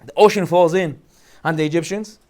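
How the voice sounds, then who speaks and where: A man teaching a lesson on the weekly Torah portion as a rabbi, telling the story in an animated way and acting out quotes with jokes. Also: on the high side, fairly quick.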